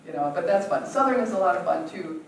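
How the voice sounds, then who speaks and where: A woman's voice: lowish voice, expressive, quick pace, vocal fry. A woman from the United States leading an acting workshop, answering questions in a chatty way with many fillers and frequent laughs. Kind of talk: casual Q&A teaching. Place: theatre workshop room. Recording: roomy, distant, faint noise.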